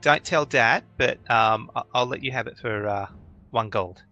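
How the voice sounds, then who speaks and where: A man's voice: medium pitch, moderate pace, sharp tone, faint music behind. A man voicing a little girl of about ten who minds horses at an inn. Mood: chirpy.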